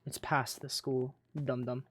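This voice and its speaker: A man's voice: medium pitch, monotone, a little slow, a little hiss or hum. A man chatting casually on a live stream, rambling and swearing between narrating a game roleplay.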